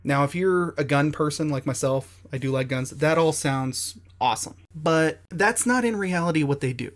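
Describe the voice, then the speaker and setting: A man's voice: on the high side, normal speed. A man hosting an opinion show, talking bluntly and casually with plenty of swearing. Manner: blunt and profane, conversational. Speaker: host. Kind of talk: opinion monologue.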